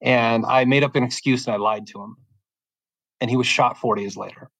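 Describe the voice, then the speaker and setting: A middle-aged man gives a personal faith testimony as a guest, and his voice is emotional and halting. He stumbles and repeats words while he searches for what to say next. His voice sits at an ordinary pitch, and the recording is dry and close. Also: steady tone, gravelly, a bit bright, no room sound, rough recording. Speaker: podcast guest giving testimony.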